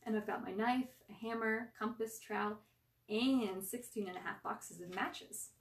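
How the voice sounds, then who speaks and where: A woman's voice: medium pitch, steady tone, reverberant, distant mic, lightly acted. A woman voicing a practical, tomboyish girl. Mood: matter-of-fact. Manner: matter-of-fact, brisk. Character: practical, resourceful preteen girl.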